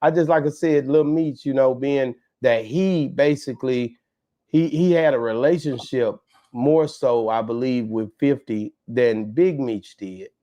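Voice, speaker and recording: A man talking in a relaxed, casual chat, often restarting his sentences with "uh" and "you know". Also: mid-range voice, measured pace. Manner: relaxed, hesitant with repeated starts. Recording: slightly dull lo-fi audio.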